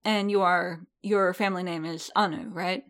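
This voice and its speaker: A woman voicing a gentle alien mother with a musical accent. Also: on the low side, moderate pace. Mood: calm. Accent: Rillish. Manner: light, musical, calm and dignified.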